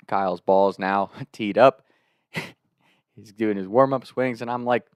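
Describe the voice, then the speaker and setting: A young man telling a funny story to the camera in a casual, animated way, laughing and swearing freely. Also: mid-range voice, a little slow, pauses often, smooth, no echo, clean studio sound. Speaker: storyteller host.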